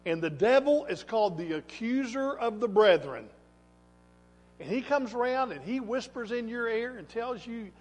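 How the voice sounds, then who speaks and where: A man with a high voice preaches a sermon in a church sanctuary. He pushes hard on some lines and goes soft and quiet on others. The sound carries a long reverberant tail from the hall. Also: expressive, moderate pace. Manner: emphatic, swings between loud exhortation and quiet asides. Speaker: pastor.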